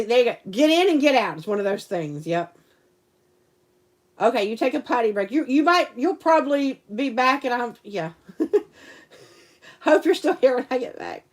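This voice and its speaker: A woman's voice: fairly high pitch, expressive, measured pace, long pauses. A woman chatting casually to a live stream audience, giggly and rambling. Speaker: livestream host and teacher.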